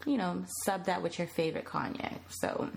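A woman co-hosting a casual podcast, playful and quick to laugh, stretching words for emphasis. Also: lowish voice, gravelly, slight background noise. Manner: playful, laughs often, drawn-out emphatic delivery. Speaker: podcast co-host.

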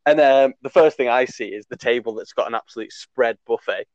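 A man's voice: mid-range voice, a little fast, dry recording, dull audio. A young man in his twenties telling a long, rambling story on a podcast, laughing and swearing as he goes, full of fillers. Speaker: podcast co-host. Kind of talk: casual storytelling chat.

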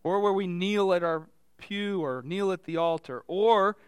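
A pastor preaching a sermon in a conversational way, asking the congregation direct questions. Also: male voice, high voice, a little slow, clear, resonant tone, no room sound.

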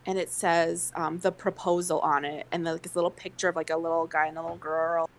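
A woman's voice: low-pitched, flat delivery, a little fast, low-quality recording. A woman co-hosting a podcast, telling a story in casual chat with many fillers. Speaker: podcast co-host.

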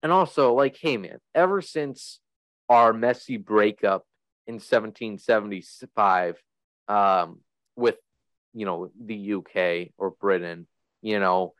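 A man's voice: fairly low pitch, slow pace, dry recording, poor audio. A young man hosting a sports podcast in a casual, rambling way, full of fillers. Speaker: podcast host.

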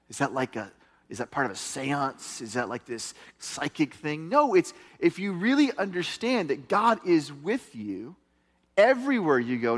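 A middle-aged man preaching a sermon as pastor, telling stories in an animated way that swings from hushed to loud. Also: high-pitched. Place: church hall. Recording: long hall reverb.

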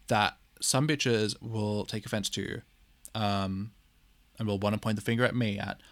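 A man's voice: on the low side, fairly bright tone, no echo. Blunt, swearing young man. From Australia. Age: 20s. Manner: blunt, exasperated, swears freely; repeats phrases for emphasis, many fillers. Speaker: podcast host. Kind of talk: opinionated solo podcast monologue.

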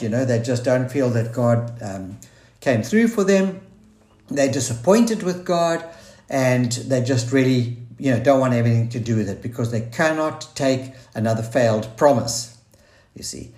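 A man's voice: medium pitch, lively intonation, measured pace, a little mellow. Earnest male preacher in a roomy space. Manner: earnest, searching, with restarts and scripture quotes. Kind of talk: sermon. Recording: roomy echo.

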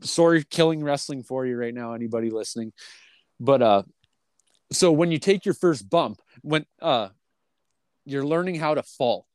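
A man's voice: medium pitch, animated, moderate pace, a little mellow, clear, resonant tone, no echo. A man telling a long story in casual podcast talk, rambling and swearing constantly, with many fillers and restarts. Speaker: podcast host.

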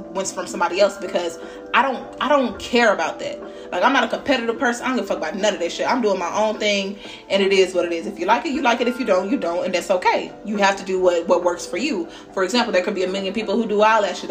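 A woman hosting her podcast at home, telling a casual story in a candid, animated way with frequent swearing and bursts of laughter. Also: medium pitch. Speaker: podcast host.

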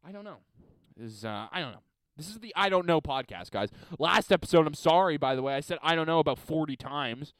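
Profane, rambling man, lively voice. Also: a little high, a little fast, no room sound. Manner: profane, rambling, self-deprecating. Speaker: podcast host. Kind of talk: casual comedic storytelling. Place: basement.

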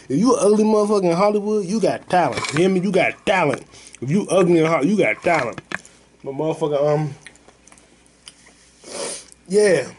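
A man's voice: medium pitch, a little mellow. Profane rambling male podcast host. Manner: profane, rambling, slangy storytelling. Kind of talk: casual podcast chat.

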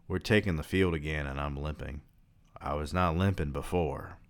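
A man reading a novel aloud and breaking off for relaxed commentary with swearing asides. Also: very deep voice, moderate pace, clear, resonant tone. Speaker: reader and book commentator.

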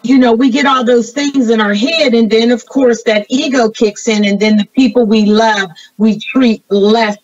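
A woman with a slightly high voice hosts an interview, asking questions and reflecting earnestly and at length. She is somewhat far from the mic, in a dry, dull-sounding recording. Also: steady tone, no echo. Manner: earnest and thoughtful, drawn-out remarks. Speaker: interviewer host. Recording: dry, muffled audio from off-mic.

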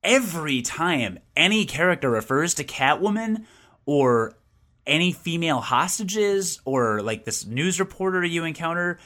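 A podcast co-host with a slightly slow, higher voice chats casually about games. He's animated and opinionated, and he restarts his sentences a lot.

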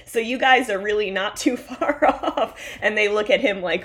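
A woman's voice: medium pitch, lively intonation, moderate pace, hardly any pauses. Chatty woman co-hosting a podcast. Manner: chatty, laughs while talking, reads out lists. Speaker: podcast co-host. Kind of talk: casual chat.

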